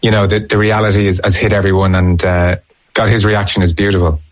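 A man interviewing a guest, speaking in a gentle, reflective way with short affirmations. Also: low voice, little pitch movement, fairly quick, low-quality recording.

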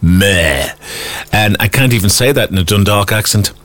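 A man's voice: fairly low pitch, quick pace, fairly bright tone, no echo. A man hosting breakfast radio, chatting upbeat and reading out listener messages. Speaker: radio host. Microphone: studio microphone.

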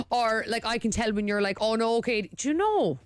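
A woman's voice: on the high side, unhurried, no room sound. A woman co-hosting a radio show, chatting playfully and animatedly. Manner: animated, playful, self-described empath. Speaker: radio co-host. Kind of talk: casual chat.

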